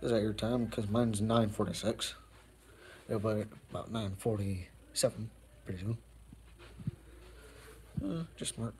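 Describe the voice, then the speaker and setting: A man's voice: lowish voice, steady tone, a little slow, pauses often, a little mellow, slight background noise, poor audio. A young man chatting casually on a live stream at home, rambling with many fillers as he walks around. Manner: rambling, easygoing, full of fillers and asides.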